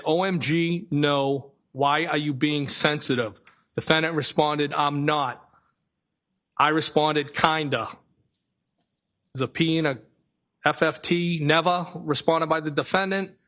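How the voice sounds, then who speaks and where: A man testifying as a witness in a courtroom, reading messages aloud in a careful, flat way and sometimes correcting himself. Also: on the high side. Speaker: trial witness.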